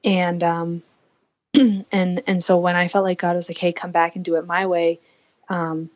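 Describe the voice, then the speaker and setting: A woman's voice: on the low side, level tone, unhurried, muffled recording. A woman in her twenties from the United States, telling her own story earnestly as a podcast guest and voicing her past thoughts aloud. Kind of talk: candid personal storytelling.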